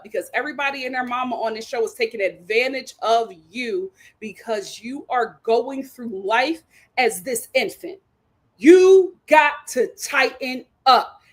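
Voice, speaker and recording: A young woman hosts a casual recap of a reality show. She speaks with a bright, high voice. She tells the story in an animated way and drops in sassy asides.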